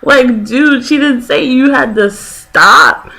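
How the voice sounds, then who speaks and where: A woman's voice: high-pitched, slow pace, creaky, rough recording. A woman in her twenties telling a story casually in a vlog, acting out the people she quotes. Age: 20s. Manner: animated, laughing, acts out people she quotes. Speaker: vlogger.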